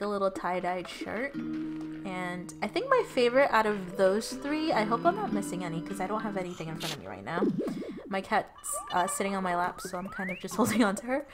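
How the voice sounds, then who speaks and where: A young woman giving casual commentary over her gameplay footage, rambling and giggling as she loses her train of thought, at home. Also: mid-range voice. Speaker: let's play gamer. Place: at home with her cat on her lap. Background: game music.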